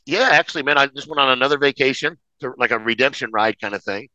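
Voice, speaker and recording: Bright-voiced, animated storytelling man. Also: mid-range voice, quick pace, dry recording, muffled recording. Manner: animated, profane, acts out every exchange. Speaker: guest. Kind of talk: casual storytelling.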